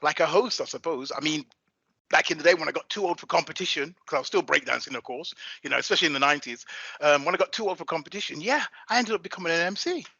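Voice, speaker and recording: A man in his fifties from England, an event MC talking in a casual interview, hyped and animated. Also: on the high side, fast, vocal fry, breathy edge, no room sound, lo-fi sound. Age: 50s. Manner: hyped and animated, swinging into playful voices.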